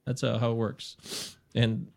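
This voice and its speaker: A man's voice: medium pitch, little pitch movement, slow, vocal fry. A man co-hosting a podcast, chatting casually and enthusiastically about movies, swearing freely. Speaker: podcast co-host. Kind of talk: casual chat.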